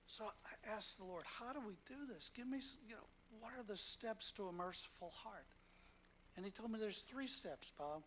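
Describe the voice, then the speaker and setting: A man with a notably high voice preaches a sermon. He tells stories and acts out the quotes, dropping to a hush and then rising to loud, emphatic emphasis. Faint ambient noise sits behind him. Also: moderate pace, rough recording. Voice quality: emotional, emphatic. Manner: storytelling with acted quotes, swinging from hushed to loud.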